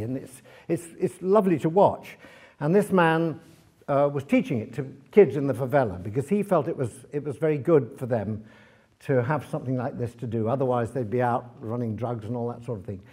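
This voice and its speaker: A man speaking as a guest author at a library event, telling lively travel anecdotes to an audience, with many fillers and restarts. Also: medium pitch, breathy edge. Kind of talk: anecdotal talk to a live audience.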